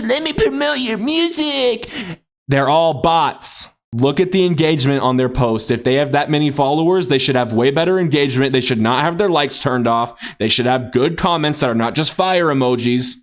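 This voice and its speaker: A man's voice: medium pitch, a little fast, few pauses. A young man teaching a class in casual, blunt talk, swearing freely and calling on his students directly. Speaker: instructor for aspiring music artists.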